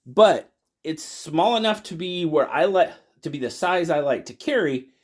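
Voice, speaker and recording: A man hosting a casual knife collection video, talking in a relaxed, rambling way that often repeats and restarts. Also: fairly high pitch. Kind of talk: casual product review talk.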